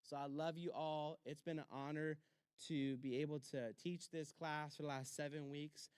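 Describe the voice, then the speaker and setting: A man, a pastor, teaching a church leadership class with short, repeated commands and quick acted-out exchanges. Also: fairly high pitch, flat delivery, darkish tone, smooth, no echo, clean studio sound.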